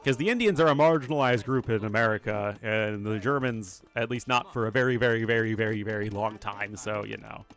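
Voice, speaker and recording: In a fairly low, slightly bright voice, a man talks a little fast with hardly any pauses while casting a strategy match live. The game caster and streamer is chatty, rambles with asides and addresses his chat directly over soft background music.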